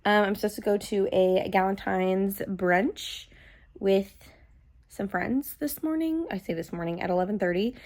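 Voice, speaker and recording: A woman's voice: mid-range voice, moderate pace, darkish tone. A young woman talking casually in a reading vlog, bubbly and giggly, with lots of "like". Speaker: vlogger.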